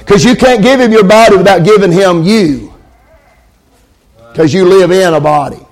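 A preacher with a fairly high voice delivers his sermon. He calls for amens and repeats his lines for emphasis. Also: darkish tone.

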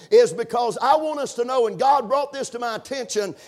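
A man preaching a sermon, punctuating his points with amens and building to shouted emphasis. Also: very high-pitched, fairly quick, few pauses. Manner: preaching with call-and-response amens, rising to shouts. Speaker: pastor.

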